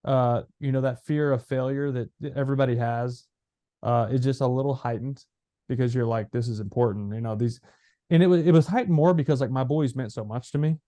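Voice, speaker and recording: A man in his thirties co-hosts a casual sports podcast. His voice is dark and mellow. He tells stories in an animated way, full of fillers and restarts. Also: mid-range voice, a little fast, no room sound. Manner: animated storyteller, many fillers. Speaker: podcast co-host, former player. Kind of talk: casual chat.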